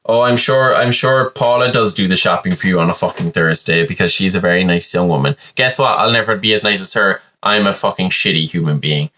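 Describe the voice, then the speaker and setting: A man's voice: low-pitched, fairly quick, few pauses, pushed and bright, slight background noise. A young man, hosting a podcast in a rambling, sweary and self-mocking comic monologue. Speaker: podcast host.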